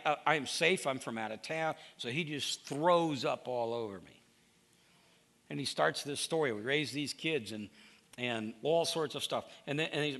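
A man's voice: on the high side, gravelly. A middle-aged male pastor preaching a sermon in a conversational, storytelling way. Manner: conversational storytelling, animated with restarts.

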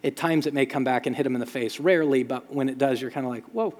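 A man preaching a sermon as pastor, telling stories with lively sound effects. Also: medium pitch, fast, in a large hall. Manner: storytelling, animated with sound effects.

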